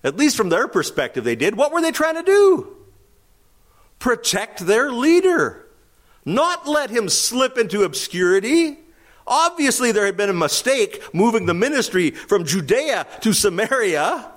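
A man's voice: sits high, sing-song, a little slow. A man preaching a verse-by-verse Bible teaching sermon, asking rhetorical questions and acting out quoted speakers. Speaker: pastor.

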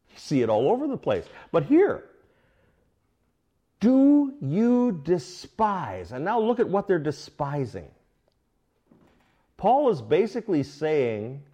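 A middle-aged male pastor preaching an expository sermon, questioning his congregation and swinging between emphatic bursts and quiet asides. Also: on the high side. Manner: animated teaching, asks the congregation questions. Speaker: pastor teaching a Bible study.

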